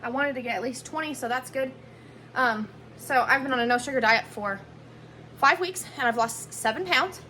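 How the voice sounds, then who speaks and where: A woman talks through dinner prep in her home kitchen, rambling and correcting herself as she goes. Her voice is bright and a little high. A faint room hum sits under the phone recording. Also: normal speed. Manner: chatty, rambling, self-correcting. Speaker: vlogger cooking at home. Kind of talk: casual chat while cooking. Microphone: handheld phone camera.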